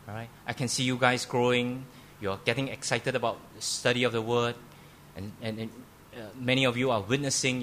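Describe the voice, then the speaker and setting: Male pastor, mid-pitched, preaching with emphatic rises and stumbling repeats; faint noise behind. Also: a bit bright. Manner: emphatic, repeats words, stammering restarts. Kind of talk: sermon. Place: church.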